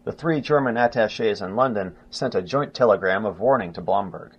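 A man reading a history book aloud in a measured way, stumbling and restarting now and then and announcing quotes aloud. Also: fairly low pitch, breathy edge. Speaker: narrator. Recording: dull lo-fi recording.

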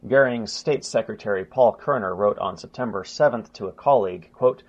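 A man reading a history book aloud in a measured way, stumbling and restarting now and then and announcing quotes aloud. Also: lowish voice, husky. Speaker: narrator. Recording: dull lo-fi recording.

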